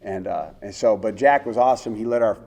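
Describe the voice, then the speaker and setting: A middle-aged American man, a former pro quarterback, telling his life story as an interview guest in an earnest, animated way with many fillers. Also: fairly low pitch, fairly quick. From United States.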